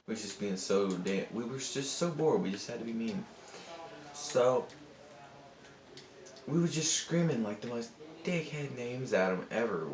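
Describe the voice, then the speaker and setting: Young man, low voice, rambling and profane, casual story over gameplay, echoey room. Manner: rambling, profane, self-interrupting. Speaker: gaming channel host. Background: other people in the house.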